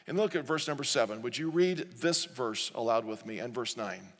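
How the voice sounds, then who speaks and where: A man's voice: medium pitch, brisk, few pauses, long reverb tail. A man preaching a sermon as pastor, earnest, reading scripture aloud and leading the congregation in reading. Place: large church sanctuary.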